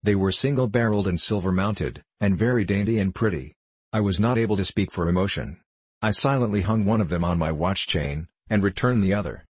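A man reads a classic story aloud in a measured, wry manner, his voice low and husky. The recording is dry and close, with no room sound. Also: no room sound. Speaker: narrator. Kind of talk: audiobook reading of a classic story.

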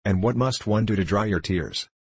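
An earnest king swept away by love, blurting out fervent declarations, as a man reads him. Deep, husky and dry. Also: normal speed, no echo. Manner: fervent outbursts. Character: lovestruck king of Ethiopia, impulsive and earnest.

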